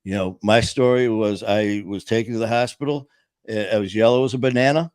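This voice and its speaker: A man's voice: on the low side, steady tone, brisk, darkish tone, clean tone, no room sound. A man with a Boston accent, hosting and telling his own story in an emphatic, plain-spoken way. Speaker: podcast host. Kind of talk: casual storytelling interview.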